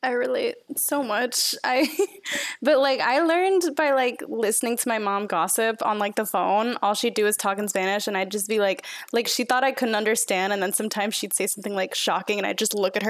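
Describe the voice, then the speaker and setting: A woman's voice: mid-range voice, brisk, no room sound. A young woman chatting on a podcast, telling a story playfully with frequent laughter. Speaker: podcast guest. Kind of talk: casual chat.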